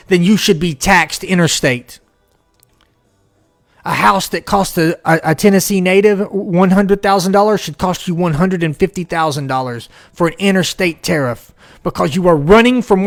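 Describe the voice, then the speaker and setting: A man delivering an angry, profane political rant, swinging between shouting and low growls. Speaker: political commentator.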